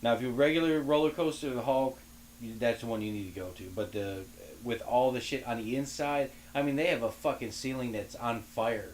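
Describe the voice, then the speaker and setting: A man's voice: mid-range voice, a little fast, slight background noise. Casual, profane male podcast host. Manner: loose, profane, enthusiastic. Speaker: talk show host.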